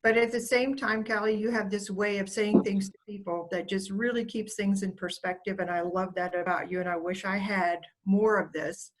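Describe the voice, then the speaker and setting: A woman speaks over a video call, telling fond little stories about a student and quoting her. Her voice sits at an ordinary middle pitch. She tells the stories the way one does in a heartfelt speech. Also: steady tone, normal speed, few pauses, rough recording. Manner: warm storytelling, quotes the student fondly. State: getting emotional. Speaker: school staff member giving an award speech.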